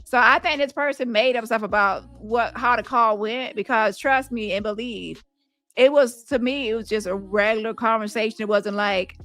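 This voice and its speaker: A woman's voice: a little high, steady tone, normal speed, a bit bright, soft background music. A woman hosting casual commentary, blunt and profane, reading messages aloud and reacting with laughs. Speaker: commentary host.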